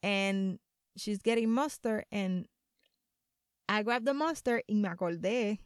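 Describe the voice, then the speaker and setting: Animated, profane woman telling a story. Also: medium pitch, measured pace, clear, resonant tone, no echo, studio quality. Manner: animated, profane, laughs often. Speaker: podcast co-host. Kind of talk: casual storytelling chat.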